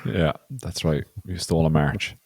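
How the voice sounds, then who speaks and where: A man's voice: very deep voice, expressive, normal speed, gravelly, darkish tone, breathy edge, no room sound. A man co-hosting a podcast, chatting casually and chiming in with short, easygoing reactions. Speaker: podcast co-host. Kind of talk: casual chat.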